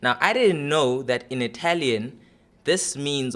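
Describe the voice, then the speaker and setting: A man's voice: medium pitch, animated, a little slow, a bit bright. Young man doing stand-up. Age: 20s. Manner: loose, chatty, full of fillers. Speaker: stand-up comedy contestant. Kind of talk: stand-up comedy audition.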